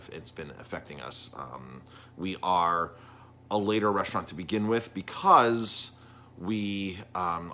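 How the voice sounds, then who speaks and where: A man's voice: sits low, pushed and bright, a little hiss or hum. A middle-aged man, a chef and restaurant owner talking casually on a live stream, rambling with lots of ums and restarts.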